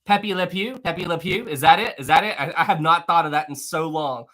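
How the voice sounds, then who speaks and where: An excitable host of a live stream, chatting casually with viewers and reading out their messages. The voice is bright and sharp, and the talk rambles into asides and quick laughs. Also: medium pitch.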